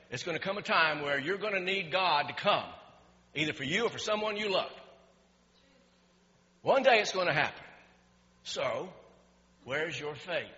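A high, bright-voiced man preaching with real animation, his delivery climbing toward near-shouts. The sound is muffled and dull, with a long reverb trailing off every phrase in a large church hall. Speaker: pastor. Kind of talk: sermon.

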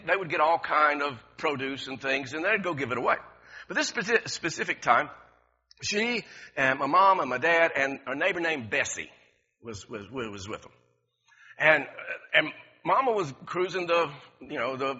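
A man's voice: on the high side, slightly rough, long reverb tail. A middle-aged man preaching a sermon, telling stories with lots of repeats and chuckles. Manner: lively, storytelling, repeats words, chuckles often. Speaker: pastor. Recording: dull lo-fi recording.

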